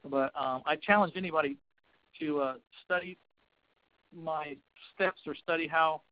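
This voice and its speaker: A man with a high voice tells folksy stories as a guest on a webinar about investing. His audio is dry and dull, with the lo-fi sound of an online call. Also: measured pace, dry recording. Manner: folksy, animated storytelling. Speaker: real estate investing coach, guest. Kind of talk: webinar talk.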